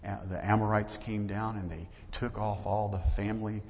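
Male pastor, low voice, conversational sermon delivery, lo-fi recording with long reverb. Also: steady tone, moderate pace, slight background noise. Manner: conversational preaching with acted-out dialogue. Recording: dull lo-fi audio with long hall reverb.

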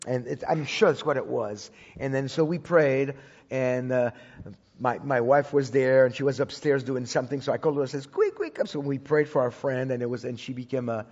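The sermon comes from a Bible teacher speaking to a congregation, told as a personal story. His mid-range voice is a little mellow, fairly even in intonation, and a little fast, and he talks conversationally with many restarts and repeated words. Expect dull audio with long hall reverb.

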